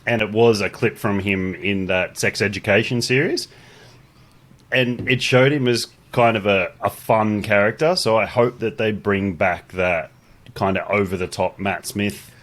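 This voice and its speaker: Hesitant Australian man, low voice. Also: measured pace, fairly bright tone. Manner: hesitant, teasing, full of fillers. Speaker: podcast co-host. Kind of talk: casual chat.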